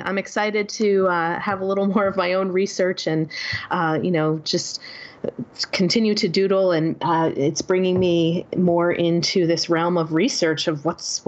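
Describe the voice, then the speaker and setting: A woman hosting a casual interview podcast, enthusiastic and quick to laugh, speaking over a remote call. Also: fairly low pitch. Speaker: podcast host. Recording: slightly dull lo-fi audio.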